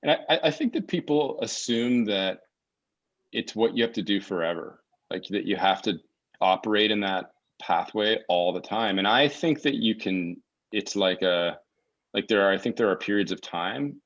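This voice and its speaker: Low-voiced male guest, reflective, talks in stops and restarts, muffled call audio. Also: lively intonation, normal speed, a bit bright. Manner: reflective, searching for words with many restarts. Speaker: podcast guest. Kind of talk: casual conversational interview. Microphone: remote call mic.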